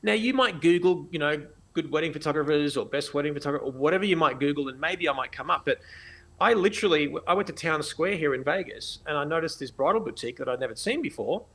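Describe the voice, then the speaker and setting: Australian man, podcast guest, lively storyteller, blunt, slightly high voice; casual and profane. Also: quick pace. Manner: animated, acts out dialogue, blunt and profane. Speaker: guest, photographer.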